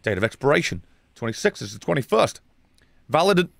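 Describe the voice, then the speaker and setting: Young guy ranting at a game, lively up-and-down voice with some gravel, dry close mic. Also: mid-range voice, brisk, no room sound. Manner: sarcastic, swearing, swings from mutters to shouts. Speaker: gaming streamer. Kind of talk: playing a game with live commentary.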